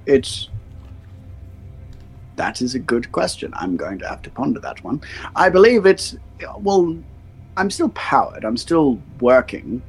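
A man voicing a male clockwork construct with gears, who speaks in a stilted, formal, halting way. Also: medium pitch, very animated, soft background music. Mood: puzzled.

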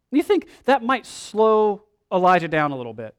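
A man preaching a sermon, retelling the scripture story in casual modern slang with lively emphasis. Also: high-pitched, normal speed, few pauses, clean tone. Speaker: pastor.

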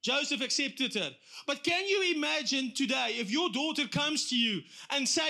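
A man with a high, bright voice delivers a sermon. He tells the story with animated asides and acts out the people in it. He sounds middle-aged. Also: normal speed, vocal fry, few pauses. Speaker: pastor.

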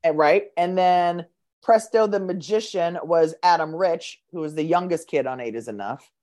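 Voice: medium pitch, moderate pace, a little mellow. A co-host of a podcast in casual chat, telling rambling stories full of restarts and profane asides. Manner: rambling storytelling with restarts and acted quotes.

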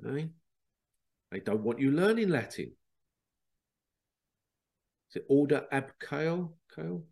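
A man's voice: fairly high pitch, lively intonation, takes it slowly, creaky, darkish tone. A man hosting a solo podcast, rambling along, repeating words and asking rhetorical questions. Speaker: podcast host. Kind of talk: casual solo podcast monologue.

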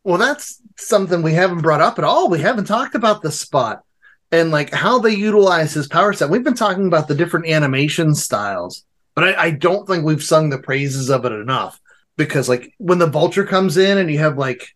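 Male co-host, casual review chat, animated and effusive, lively pitch. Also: a little fast. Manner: effusive, animated, piling up praise. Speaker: podcast co-host.

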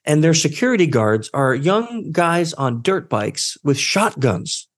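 Animated male storyteller, quoting himself. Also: a little high, a little slow. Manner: animated, acts out quoted dialogue with his voice jumping up. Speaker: guest, social engineer. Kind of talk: storytelling in a career interview.

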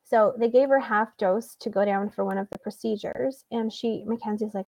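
A woman's voice: fairly high pitch, steady tone, normal speed, vocal fry, hardly any pauses, darkish tone, dry recording, recorded from a distance, low-quality recording. A woman as an interview guest, a mother telling her own story and acting out what other people said. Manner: retells events by acting out quoted dialogue. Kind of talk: conversational storytelling.

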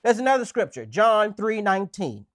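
A man preaching a sermon in a conversational way, often checking in with "right?" and reading scripture slowly with emphasis. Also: high-pitched, sing-song. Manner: folksy asides.

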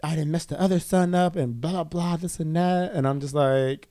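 A man in casual chat, telling a story in a profane, animated way, full of "like" and quoted dialogue. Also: fairly high pitch, normal speed, no room sound, studio quality. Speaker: guest telling his coming-out story.

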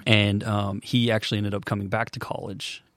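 A man in his twenties, a podcast guest, telling his story in an earnest, halting way with many restarts. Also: on the low side, level tone, fairly bright tone, no echo. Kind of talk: casual storytelling.

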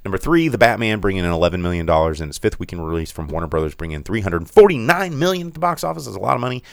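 Deep-voiced man hosting a chatty podcast. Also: big pitch swings, very fast, creaky, no echo, clean studio sound. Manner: runs down figures with frequent self-corrections and fillers. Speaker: podcast co-host. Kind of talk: casual chat.

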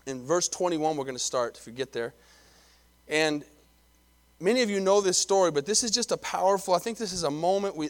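A middle-aged man, a pastor delivering a sermon in a conversational way, often repeating himself and calling for amens. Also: fairly high pitch.

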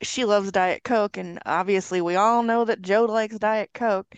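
A woman tells a story in casual podcast chat, acting out the lines she quotes. Her voice sits at a middle pitch and is recorded dry and close. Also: a little slow, clean tone, no echo, highs cut off. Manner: animated storyteller, acts out quotes. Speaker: podcast guest.

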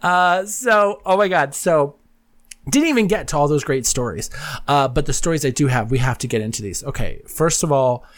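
A podcast host giving a solo rundown of news stories in a gossipy, excitable, profane way, full of quick asides. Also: medium pitch.

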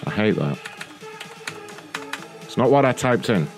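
A man's voice: on the low side, big pitch swings, unhurried, over music. A man hosting a prank call show, mocking and swearing at callers. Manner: sneering, profane, mocking. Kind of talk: abusive prank call banter.

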